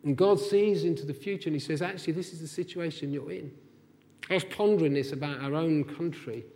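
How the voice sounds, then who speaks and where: A man delivers a sermon in a high-pitched voice. He is impassioned, swelling to forceful, near-shouted peaks. His words carry a long reverb from a large hall. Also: brisk. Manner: impassioned, rising to near-shouts when voicing God's anger. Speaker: preacher.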